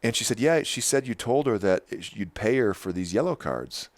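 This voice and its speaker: A middle-aged man with a loud, very low voice tells stories on a podcast. He talks in an animated, emphatic way and often restarts his sentences. The sound is close and dry. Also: normal speed, no echo. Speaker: podcast host. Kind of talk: casual podcast chat.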